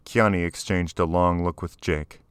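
A man narrating an audiobook in a steady, even storytelling manner. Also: low-pitched, moderate pace, clean tone, dry recording. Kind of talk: scripted narration.

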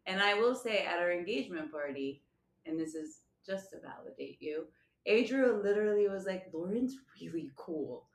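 A woman co-hosting a podcast as a coach, talking in an animated, casual way and laughing often. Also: mid-range voice, normal speed. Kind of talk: casual conversational chat. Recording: echoey room.

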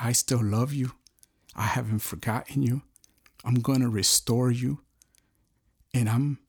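A middle-aged man giving an earnest, halting personal testimony, often searching for words. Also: medium pitch, creaky, a little mellow, slightly rough. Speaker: storyteller sharing a personal testimony.

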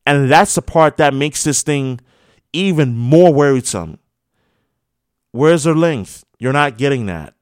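A man's voice: mid-range voice, animated, slow pace, no room sound, clean studio sound. A man hosting a sports radio show, giving a heated opinion monologue full of scolding rhetorical questions. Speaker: radio host.

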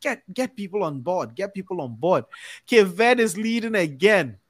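A man hosting a podcast sign-off, talking in an upbeat, cheering-on way that rambles and restarts. His voice sits fairly high for a man. The recording is dry and close, with no room sound. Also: very animated, normal speed, no room sound. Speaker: podcast host.

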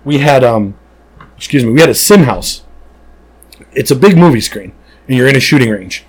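A man's voice: medium pitch, moderate pace, husky, poor audio. A man who works as a police officer, chatting casually on a podcast in an emphatic, blunt way. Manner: animated storyteller, emphatic and blunt.

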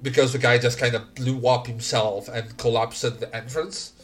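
A man's voice: medium pitch, moderate pace. Laid-back man running a tabletop game. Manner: relaxed, laughs often, many fillers. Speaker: game master. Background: faint music.

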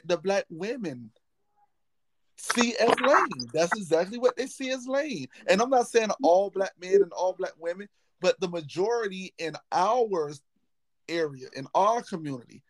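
A man's voice: high voice, dry recording. A man hosting a casual podcast chat, talking emphatically and hammering his points by repeating words. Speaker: podcast host; football coach.

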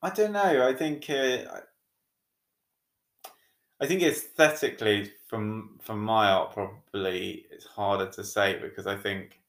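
A man's voice: lowish voice, a little slow. Teasing man, echoey recording. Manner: teasing, dry joker. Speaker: podcast co-host. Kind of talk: casual chat. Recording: roomy echo.

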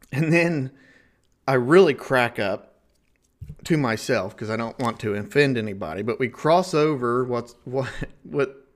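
Folksy Ohio man telling funny stories. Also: mid-range voice. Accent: Ohio River valley, rural Midwestern. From Ohio, USA. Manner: folksy, chuckling, animated retelling. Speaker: podcast host. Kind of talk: casual comedic storytelling.

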